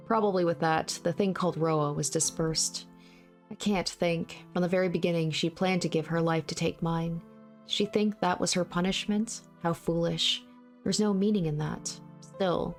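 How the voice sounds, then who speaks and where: A woman reading a visual novel aloud in the first person, in a steady, measured way. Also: fairly low pitch. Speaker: let's play narrator.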